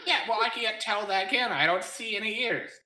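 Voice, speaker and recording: A woman's voice: medium pitch, a little fast, pushed and bright, roomy sound, rough recording. A woman player in a tabletop game, blunt and joking, swearing freely. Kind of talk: casual game chat.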